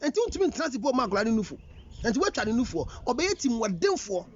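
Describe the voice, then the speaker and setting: High, lively Ghanaian man lecturing. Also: fast talker, lo-fi sound, a little hiss or hum. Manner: emphatic, scolding, rhetorical questions. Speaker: relationship counselor. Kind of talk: counseling talk mixing English and Twi.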